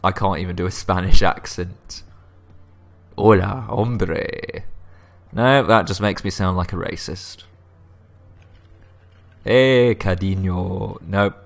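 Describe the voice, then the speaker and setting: A man from Lancashire, England, hosts a video game let's play, narrating in a low, slightly bright voice. His intonation is fairly even and his pace moderate, with hardly any pauses. He keeps up joking, self-deprecating asides.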